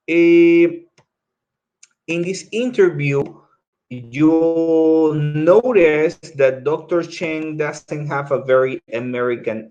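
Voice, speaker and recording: A man leads an English lesson at an unhurried, slow pace. He lays out each task step by step and repeats instructions patiently. He often pauses to check that the class is following with a quick "okay?". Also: a little high. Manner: explains step by step and repeats himself. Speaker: English teacher.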